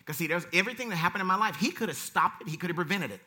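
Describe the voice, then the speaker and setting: A man preaching a conversational sermon, reading verses and commenting with animated swings from quiet asides to loud emphasis. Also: sits high, very fast.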